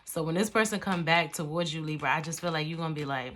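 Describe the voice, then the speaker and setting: A woman with a deep, fairly bright voice gives a casual tarot reading over a slight hiss or hum. She's slangy and profane, calls the listener baby, and draws out the sign names in a chanting way.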